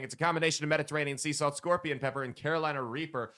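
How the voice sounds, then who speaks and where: A man hosting a casual comedy podcast, joking loosely and throwing in sudden loud bursts. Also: fairly high pitch, steady tone, racing, few pauses. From United States. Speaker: podcast host.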